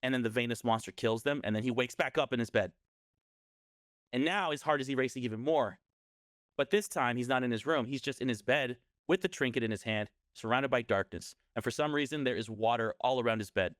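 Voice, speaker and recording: A man's voice: mid-range voice, a little fast, fairly bright tone, no room sound, clean studio sound. A man casually telling a scary story on a podcast, rambling and often correcting himself.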